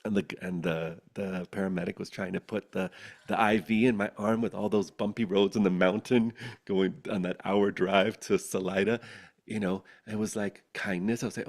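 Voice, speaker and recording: Gravelly man giving a spiritual talk. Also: deep voice, moderate pace. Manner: animated storyteller, laughs often, drops to soft near-whispers. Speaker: spiritual teacher leading a satsang. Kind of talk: casual spiritual talk to a group.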